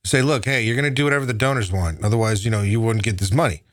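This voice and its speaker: A man's voice: on the low side, rapid-fire. A man delivering an angry, profane political rant, heated and sneering. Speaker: political commentator.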